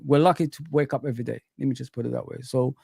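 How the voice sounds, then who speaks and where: A man's voice: mid-range voice, fairly even intonation, racing, creaky, mellow, breathy edge, no room sound, clean studio sound. A man co-hosting a live football watch-along stream, chatting casually and calling the audience "guys". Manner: chatty, repeats "guys" and "man", British slang. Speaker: livestream co-host.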